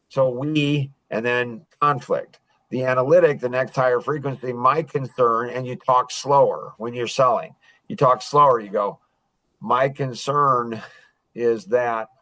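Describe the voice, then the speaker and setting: A man teaching sales technique in a casual, animated way, acting out what to say to customers, with frequent restarts. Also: medium pitch, no room sound, low-quality recording. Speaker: sales coach.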